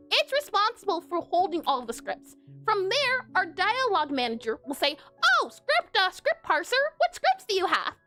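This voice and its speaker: High-pitched lively woman talking through her game code, bouncy and bright, faint music behind. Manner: chatty, giggly, often self-correcting and spelling words aloud. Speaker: indie game developer. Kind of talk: casual coding devlog narration.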